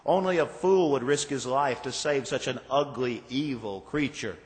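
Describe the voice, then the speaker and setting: A man voicing a scornful male passerby who shouts in exasperation, in a reverberant hall. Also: medium pitch, normal speed, lightly acted. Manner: mocking, exasperated.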